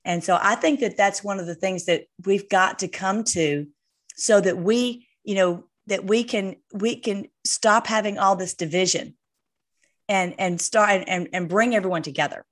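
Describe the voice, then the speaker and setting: A woman's voice: medium pitch, normal speed. A woman in casual conversation about faith, talking with many fillers and restarts as she gathers her thoughts.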